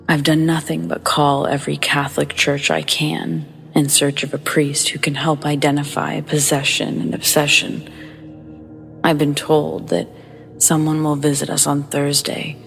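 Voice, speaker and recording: Woman reading a scary story, slow and flat, kinda hushed and somber. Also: low voice, gravelly. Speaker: horror story narrator. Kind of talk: scripted narration of a scary story.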